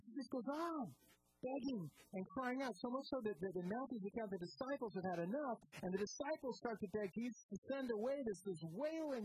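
Earnest preacher working through a scripture passage, dropping low and rising emphatic. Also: darkish tone, slight background noise, rough recording. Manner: earnest, asks rhetorical questions. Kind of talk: expository sermon.

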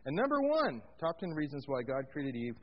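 High-voiced animated male preacher. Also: normal speed, lo-fi sound, a little hiss or hum. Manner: animated, asks the congregation questions, tells jokes. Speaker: pastor. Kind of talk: sermon.

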